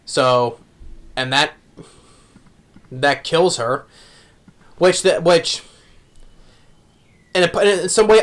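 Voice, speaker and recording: A man's voice: on the high side, slow, long pauses, fairly bright tone. A man casually recapping an anime episode, rambling with many restarts and fillers. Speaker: anime reviewer.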